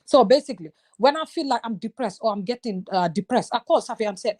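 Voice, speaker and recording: Casting: woman, 30s, casual chat, lively and talkative, voice a touch high. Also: fairly quick, few pauses. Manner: animated, switches into Wolof phrases. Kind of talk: casual conversation.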